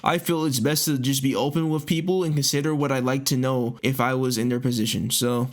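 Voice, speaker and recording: A man's voice: mid-range voice, steady tone, fairly quick. Incredulous, foul-mouthed young man ranting. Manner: incredulous, profane, mocking rants. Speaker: commentary YouTuber. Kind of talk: casual reaction commentary.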